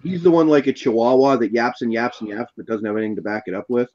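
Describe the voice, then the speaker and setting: Casual male storyteller, chuckling, animated, on a muffled lo-fi recording. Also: mid-range voice, quick pace. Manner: animated anecdote teller, chuckling. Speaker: podcast host. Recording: dull lo-fi audio.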